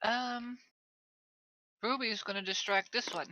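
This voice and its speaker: A woman playing a tabletop game, speaking quietly and hesitantly. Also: a little high, steady tone, unhurried, a little hiss or hum. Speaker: player. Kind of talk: casual talk at a game table.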